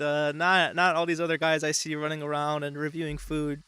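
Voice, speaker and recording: A man's voice: on the high side, monotone, a little fast, sharp tone, smooth, dry recording. A man hosting a show, talking in a rambling, mock-serious casual way with frequent swearing. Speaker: show host. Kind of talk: casual comedic commentary.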